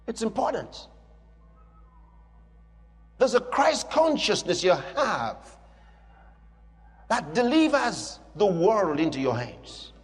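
High, lively-voiced preacher in a hall. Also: male voice, slow, long pauses, faint music behind. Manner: emphatic, repeats declarations. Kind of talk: sermon.

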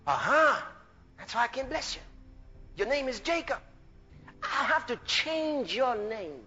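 A man preaching a fervent sermon, shouting praise, dropping to soft asides and laughing often. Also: very high voice, very animated, unhurried, long pauses, muffled recording.

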